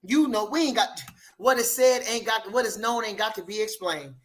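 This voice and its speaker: A man hosting a live boxing talk show, reading the chat aloud and trash-talking loudly with plenty of profanity. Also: high voice, normal speed.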